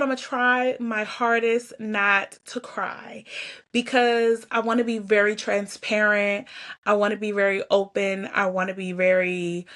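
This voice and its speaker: A woman's voice: mid-range voice, fairly bright tone. Chatty woman fighting back tears. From Georgia, US. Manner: chatty, candid, laughs and sighs often. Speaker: podcast host. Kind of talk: casual personal vlog talk.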